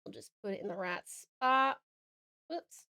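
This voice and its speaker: A woman with an Australian accent, chatting casually on a live art stream, laughing often and muttering softly as she draws. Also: mid-range voice, big pitch swings, a little slow, vocal fry. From Tasmania, Australia. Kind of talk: casual live-stream chat while drawing.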